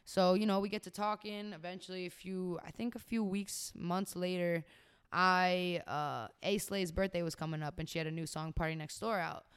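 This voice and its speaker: A young woman of about twenty-one, a podcast guest telling her story in a casual conversation, animated and full of "like" and "you know". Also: lowish voice, moderate pace, clear, resonant tone. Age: young adult, about 21.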